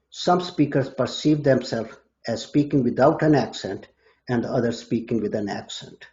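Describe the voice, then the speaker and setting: A man discussing linguistics on a podcast in a measured, lecture-like way. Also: medium pitch, dark tone, dull audio. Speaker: linguistics scholar.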